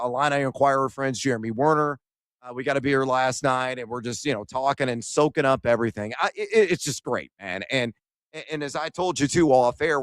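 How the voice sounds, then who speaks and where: A man co-hosting a sports radio show, excitedly recounting his day at a basketball event and acting out the conversations. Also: medium pitch, clean tone, no echo. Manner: animated storyteller, acts out quoted exchanges.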